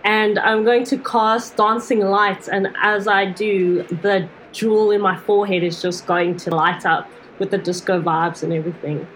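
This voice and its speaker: A woman playing in a tabletop game, talking in an animated, expressive way. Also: mid-range voice, moderate pace, few pauses, slight background noise, rough recording. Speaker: player. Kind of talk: casual tabletop role-play.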